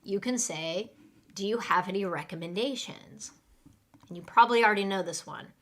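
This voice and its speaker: American woman teacher, live online english class, says restaurant phrases slow then fast for you to repeat. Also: medium pitch, a bit bright. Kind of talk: live online language lesson.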